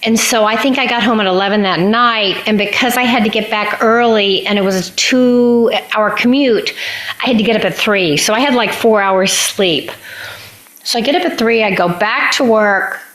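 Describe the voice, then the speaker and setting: A woman's voice: mid-range voice, moderate pace, fairly bright tone. A woman on a group call, telling a story hesitantly with frequent fillers. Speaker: group participant. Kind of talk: casual storytelling. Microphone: video call. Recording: echoey room on a call.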